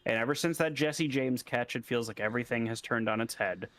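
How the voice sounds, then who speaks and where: A man co-hosting a casual sports podcast, relaxed and wry, laughing along with his partner. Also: mid-range voice, a little fast, no echo. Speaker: podcast co-host.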